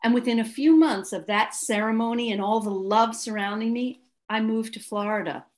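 A woman hosting an interview, gushing with praise and telling animated personal stories in a casual chat. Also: a little high, moderate pace. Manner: effusive, storytelling, gushing praise. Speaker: host.

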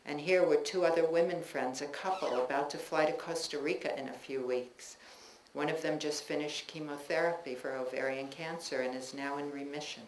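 A woman reads her own personal essays to a live audience in a bookstore, in a measured, reflective way, with loose chatty asides between the pieces. Her voice carries an echo from the room, and a faint ambient hum sits behind it. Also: deep voice, steady tone, a little mellow. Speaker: author reading her own work. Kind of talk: public reading of personal essays.

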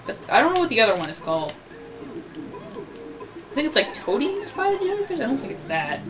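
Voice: high-pitched, huge pitch swings, fairly quick, distant mic. Rambling let's-play gamer, noisy recording. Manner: rambling, self-correcting, jokey. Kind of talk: casual gameplay commentary.

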